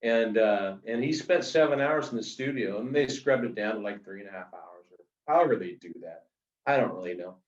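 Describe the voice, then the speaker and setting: A middle-aged man telling anecdotes in a casual, animated way, full of fillers, as an author being interviewed. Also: lowish voice, fairly quick. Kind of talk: casual storytelling. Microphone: video call. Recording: roomy, distant, dull video call audio.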